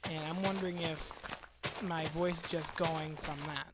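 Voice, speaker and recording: A young man with a scratchy, hoarse voice from a cold, rambling and ranting casually over a game he is playing, often correcting himself. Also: fairly high pitch, fairly even intonation, moderate pace. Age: young adult. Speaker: let's play commentator. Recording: faint background noise.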